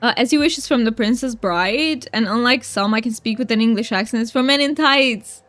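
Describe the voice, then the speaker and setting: On a cozy game stream, a woman with a high-ish, fairly bright voice speaks briskly, reading chat messages aloud and giggling as she talks with viewers. There's no room sound, just faint music behind her.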